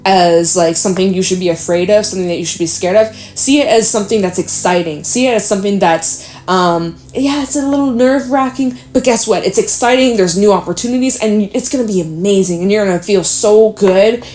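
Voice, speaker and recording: A woman's voice: medium pitch, brisk, few pauses, darkish tone, slight background noise. Lady doing a pep-talk tarot reading, punchy and casual, bit of echo off the room. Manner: encouraging, emphatic, swears casually. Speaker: tarot reader. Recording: echoey room.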